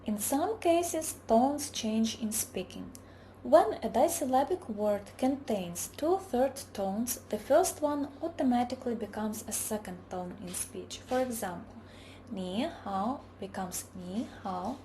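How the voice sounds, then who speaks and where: Woman, language lesson narration, very slow, deliberate, soft faint hiss behind. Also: on the high side, expressive. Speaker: language teacher.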